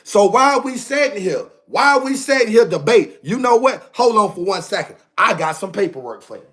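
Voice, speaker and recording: Fired-up high-voiced man ranting on stream. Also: big pitch swings, a little fast, fairly bright tone. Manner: preachy, repetitive, fired-up. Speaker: live stream commentator. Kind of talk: heated livestream rant.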